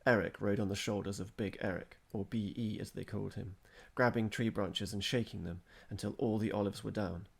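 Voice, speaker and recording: A man reading a story aloud, steady and measured. His voice is low and gravelly with a husky edge. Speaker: narrator.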